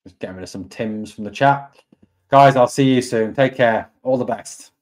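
A man's voice: medium pitch, normal speed, darkish tone. Angry man ranting after a match. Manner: angry, repetitive, swearing, deflated. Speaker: fan channel host. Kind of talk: live match reaction stream.

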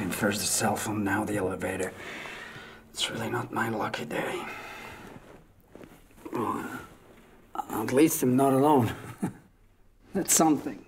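A man's voice: fairly low pitch, gravelly, background noise. An actor playing an awkward man stuck in a lift who fills the silence with rambling, nervous chatter. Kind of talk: film drama acting.

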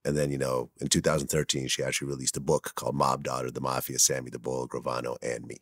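A male interviewer with an extremely deep voice recaps events in a measured way, with a few fillers. The sound is dry and close. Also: little pitch movement, a bit bright, no echo. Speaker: interview host. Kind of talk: interview questions.

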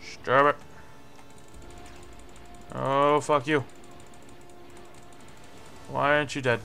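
A young man talks through a shooter game at an unhurried pace, close to a desk mic. He swears freely and blows up in frustrated yells. Faint music plays under his voice. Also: medium pitch, flat delivery, gravelly, clean tone. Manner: swearing, frustrated, yelling in bursts. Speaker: gameplay commentator. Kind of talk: live game commentary.

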